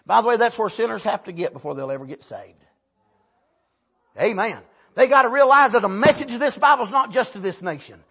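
Male preacher, high and bright, fervent sermon delivery, builds to shouts. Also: very animated, husky. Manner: impassioned, drawn-out emphasis, rising to shouts; calls out "Amen" between points.

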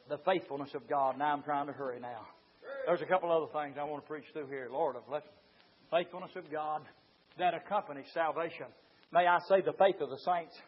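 A man preaching a revival sermon, swinging from hushed talk to shouted exclamations. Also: high voice, breathy edge. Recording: dull lo-fi sound.

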